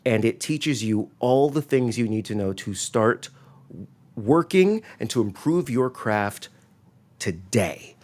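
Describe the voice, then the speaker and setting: A man's voice: mid-range voice, lively intonation, slow, darkish tone. A man co-hosting a casual chat, wry and jokey, turning earnest and emphatic. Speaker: co-host.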